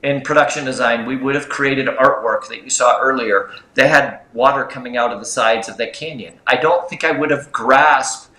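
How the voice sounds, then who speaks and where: A man co-hosting a livestream who tells lively anecdotes in a casual, chatty way. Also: mid-range voice, normal speed, hardly any pauses, roomy sound, low-quality recording. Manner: animated anecdotal storyteller. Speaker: co-host of a film livestream. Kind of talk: livestream storytelling chat.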